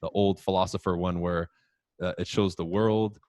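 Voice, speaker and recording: A man's voice: low voice, steady tone, moderate pace, a little mellow, dry recording, clean studio sound. A man who works as a coach, a guest on a podcast, talking in an emphatic, profane, ranting way in casual chat.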